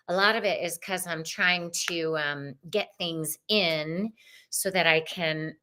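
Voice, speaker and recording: A woman's voice: on the high side, takes it slowly. Bubbly woman greeting her live chat. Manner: bubbly, greets chat viewers by name, chatty. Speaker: live-stream tarot and astrology host. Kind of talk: casual live-stream chat.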